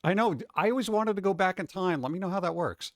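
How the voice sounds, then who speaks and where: A man's voice: high-pitched, fast, no room sound, studio quality. A man streaming live, rambling casually and greeting chat viewers one by one.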